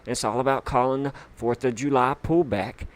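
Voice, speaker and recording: A man hosting a casual livestream, chatty and excitable, with lots of fillers, shout-outs and sudden bursts of hype. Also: medium pitch, normal speed. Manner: hyped, chatty, full of fillers. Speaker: livestream host.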